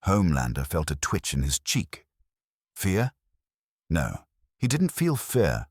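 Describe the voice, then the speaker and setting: A man narrating a scripted story in a dramatic, measured way. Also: low voice, wildly swooping pitch, dry recording, studio quality.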